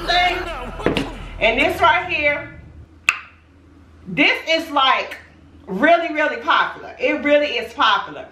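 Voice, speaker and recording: A woman's voice: sits high, pushed and bright, slight background noise. A pregnant young woman chatting casually and sassily to her viewers in a food challenge vlog. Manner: chatty, sassy, talks straight to viewers. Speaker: vlogger. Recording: echoey room, mic at a distance.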